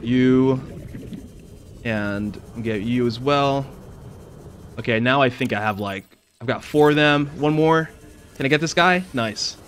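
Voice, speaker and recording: Speaking slowly with frequent pauses in a mid-range voice, a gaming channel host offers casual let's-play commentary on his own game. He startles easily, swearing and yelling when scared, and there's a little hiss or hum on the audio.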